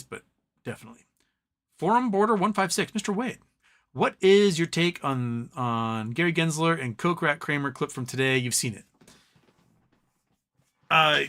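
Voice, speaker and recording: A man's voice: fairly high pitch, sharp tone. A man hosting a casual live stream, ranting animatedly and mocking other people's voices as he quotes them.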